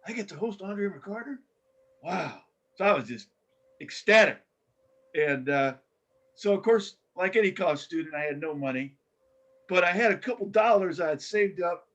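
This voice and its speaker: Older man telling lively stories. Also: high voice, normal speed, pauses often, rough recording. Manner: animated storyteller with many restarts. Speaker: guest, former coach. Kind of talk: casual storytelling interview.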